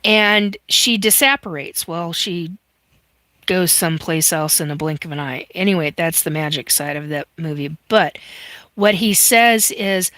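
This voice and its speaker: Slow, bright-voiced woman host. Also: on the low side, no echo. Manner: earnest, emphatic storytelling with frequent restarts; occasional mild swearing. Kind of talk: casual live-stream chat.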